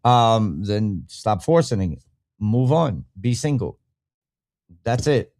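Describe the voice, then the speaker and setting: A man's voice: fairly low pitch, big pitch swings, takes it slowly, mellow. Rambling, blunt podcast host man. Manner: blunt, rambling, profane, laughs at his own jokes. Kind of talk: casual reaction commentary.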